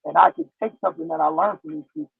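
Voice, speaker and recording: A man's voice: on the high side, fairly even intonation, racing, creaky, husky, dry recording, narrow, tinny audio. A man talking as a podcast guest in casual chat, blunt and streetwise, acting out the voices of people in his stories. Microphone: no headphones, sounds like phone or distant mic.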